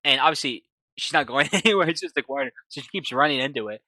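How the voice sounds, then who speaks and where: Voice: medium pitch, lively intonation, quick pace, bright, forceful tone, no echo. A film reviewer retelling a movie scene casually, rambling with lots of filler words and profanity.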